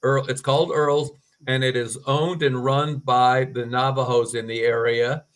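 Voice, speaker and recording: A man in casual chat, relaxed and a little halting, with fillers as he offers recommendations. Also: mid-range voice, poor audio. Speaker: show regular.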